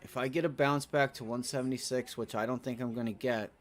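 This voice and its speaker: A man's voice: mid-range voice, steady tone, fast talker. A man streaming live day trades, venting with profanity and repeating himself in short bursts as he watches the chart. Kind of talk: live trading commentary.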